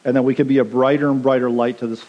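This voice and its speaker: Man, pastor, sermon, direct exhortation, mid-pitched voice, long hall reverb. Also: little pitch movement, racing, muffled recording. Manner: earnest, direct exhortation with quoted asides.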